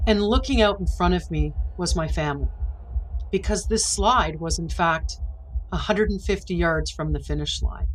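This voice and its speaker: A woman in her forties, appearing as a podcast guest, earnestly and emotionally recounts a personal story, acting out the dialogue in quotes. Her voice sits on the low side at a normal speed. The recording is low quality, with a little hiss or hum.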